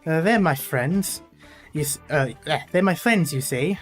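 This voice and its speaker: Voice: mid-range voice, expressive, a little slow, soft background music, natural voice. A streamer reading a game story aloud and voicing a shrewd, practical young woman in a put-on Russian accent. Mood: scheming.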